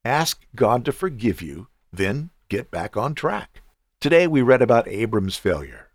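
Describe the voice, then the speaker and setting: A man's voice: medium pitch, big pitch swings, measured pace, no room sound, studio quality. Earnest, encouraging male podcast host. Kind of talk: devotional podcast talk.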